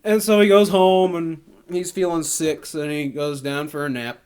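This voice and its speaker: A man's voice: a little high, steady tone, moderate pace, a little mellow, smooth. A man co-hosting a casual podcast, retelling a movie plot and acting out scenes in goofy voices. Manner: rambling, acts out movie scenes in silly put-on voices. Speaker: podcast co-host. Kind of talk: casual movie recap chat.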